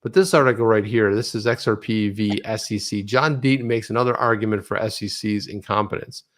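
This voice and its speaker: A man co-hosting a casual livestream chat, animated, telling stories and reading tweets aloud. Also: lowish voice, a little fast. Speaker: co-host of a crypto news livestream.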